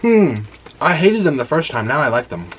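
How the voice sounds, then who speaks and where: A man's voice: on the high side, sing-song, normal speed, lo-fi sound, slight background noise. A man hosting a mukbang at home late at night, chatting casually to camera while chewing and eating between words. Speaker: mukbang host.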